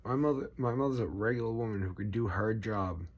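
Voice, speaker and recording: A man's voice: lowish voice, brisk, breathy edge. A man in his forties delivering an angry, profane, rambling political rant. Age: 40s. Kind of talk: ranting monologue.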